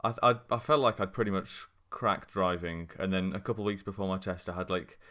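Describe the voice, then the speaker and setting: A young man co-hosting a casual podcast, talking in a plain, measured way. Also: deep voice, sharp tone.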